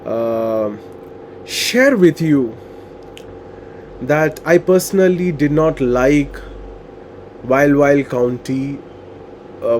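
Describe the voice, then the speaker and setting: Earnest man interviewer, slightly high voice. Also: a little mellow, a little hiss or hum. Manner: earnest, many fillers like "you know" and "uh". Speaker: interviewer and coach. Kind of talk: conversational interview questions.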